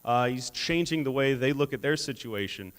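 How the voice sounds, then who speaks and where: A man's voice: mid-range voice, moderate pace, clear, resonant tone. A man giving a motivational keynote speech, telling stories with humor and laughing at his own jokes. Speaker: keynote speaker. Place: conference hall stage. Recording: long reverb of a large hall.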